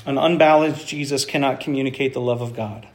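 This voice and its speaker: In an echoey church sanctuary with slight background noise, a male pastor preaches a sermon and quizzes his congregation with questions. His medium-pitched voice is brisk and fairly even in intonation.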